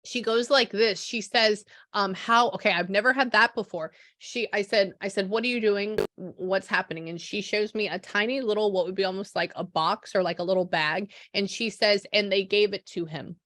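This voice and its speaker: A woman's voice: medium pitch, moderate pace, few pauses, dry recording, studio quality. Chatty woman medium acting out quotes. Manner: animated, acts out quoted dialogue, frequent "I go, she goes". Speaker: psychic medium. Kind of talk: relaying a spirit reading to a client.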